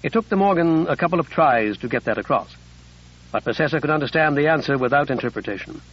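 A man narrating an audiobook in a measured storytelling voice. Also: fairly high pitch, lively intonation, a bit bright, slightly rough, dull audio. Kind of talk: scripted narration.

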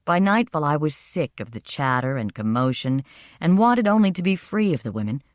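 A woman narrating a first-person story in a measured, expressive reading. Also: deep voice, dry recording, clean studio sound. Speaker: audiobook narrator.

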